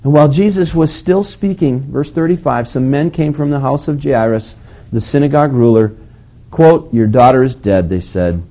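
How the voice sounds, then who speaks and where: A man's voice: medium pitch, normal speed, dark tone. A male pastor preaching a sermon in a storytelling way, acting out the quotes and chuckling often.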